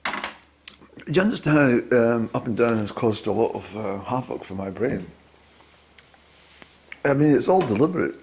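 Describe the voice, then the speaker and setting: A man with a Scottish accent talks to camera at home in a wry, rambling monologue, pausing often with fillers. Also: medium pitch, animated, a little mellow, a little hiss or hum. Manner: wry, musing, halting with many fillers. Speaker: vlogger.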